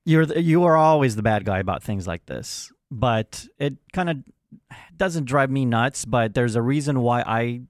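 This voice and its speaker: A man hosting a sports talk show with a gravelly, creaky voice. He weighs his opinions out loud in a measured way. The sound is dry and close. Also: medium pitch, lively intonation, no room sound. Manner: opinionated, measured, thinks aloud. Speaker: sports radio host. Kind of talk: casual sports talk chat.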